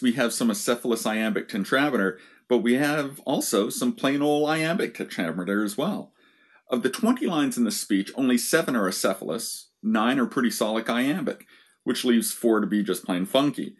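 A man's voice: mid-range voice, slightly rough. A man giving a lecture on verse, talking to his listeners in a conversational way with wry asides. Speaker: literature lecturer.

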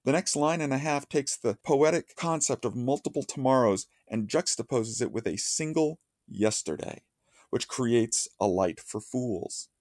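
A man giving a measured, reflective lecture on poetry, dropping low and slow to recite lines of verse. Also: animated, darkish tone, dry recording, studio quality. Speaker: literature lecturer. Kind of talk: analytical lecture with dramatic recitation.

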